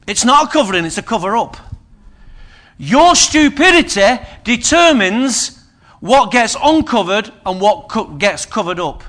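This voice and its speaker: A man's voice: sits high, a bit bright. A man preaching a sermon, conversational and humorous with emphatic turns.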